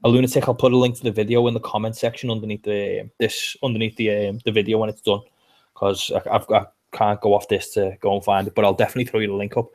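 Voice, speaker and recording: Co-hosting a relaxed podcast, a Liverpool-accented Englishman rambles through chatty stories, restarting often. He talks fast in a low-leaning, darkish voice with a flat delivery.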